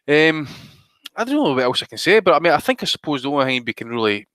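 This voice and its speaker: A man's voice: on the high side, big pitch swings, fast, fairly bright tone, dry recording, clean studio sound. A man co-hosting a podcast, giving rambling, opinionated boxing takes full of ums. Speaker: podcast co-host. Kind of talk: casual boxing chat.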